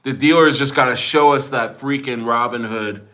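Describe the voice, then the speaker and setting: A man's voice: medium pitch, moderate pace, bright, forceful tone. A young man hosting a casual crypto livestream, reading viewer comments aloud and rambling through jokes with frequent laughter. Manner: joking, rambling, laughs often.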